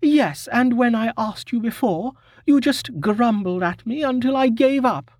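A brash young woman adventurer, as a male narrator puts her on, her voice pitched high above his own and full of urgent, pouting impatience. The storybook reading sounds dry and close. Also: expressive, measured pace, darkish tone, no room sound, heavily acted. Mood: eager, pouting. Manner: eager, pouty.

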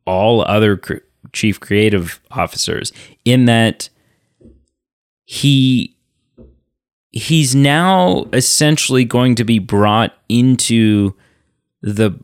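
A man co-hosting a casual movie podcast, explaining things in a measured way with frequent fillers. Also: medium pitch, animated, smooth, no room sound, clean studio sound. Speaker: podcast co-host. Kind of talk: casual chat.

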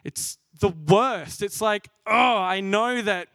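A man's voice: sits high, slow pace, gravelly, dry recording, studio quality. Earnest man preaching. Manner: warm, earnest and self-deprecating, laughs at himself. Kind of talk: sermon.

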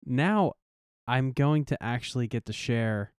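A man's voice: mid-range voice, expressive, a little slow, darkish tone, smooth, dry recording, studio quality. A man co-hosting a podcast, talking earnestly and rambling a little with fillers. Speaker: podcast co-host. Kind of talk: casual podcast chat.

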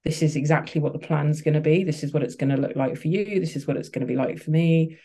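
A woman's voice: sits low, fast, dark tone, husky. A woman, a podcast guest, telling a personal story candidly, with frequent restarts and fillers. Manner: open, emotional, many restarts and fillers.

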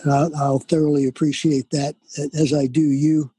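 Husky, halting older man. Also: on the high side, level tone, mellow, no room sound. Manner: halting, repeats words, formal and gracious phrasing. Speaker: guest musician. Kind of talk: casual chat.

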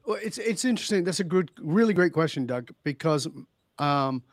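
Animated man telling client stories. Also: on the high side, moderate pace, no echo, studio quality. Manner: animated, acts out quoted dialogue. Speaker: leadership consultant. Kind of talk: podcast interview storytelling.

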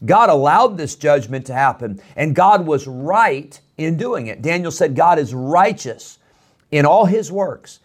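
A man's voice: fairly high pitch, lively intonation, measured pace. A man preaching an earnest radio sermon, pleading and emphatic with much repetition.

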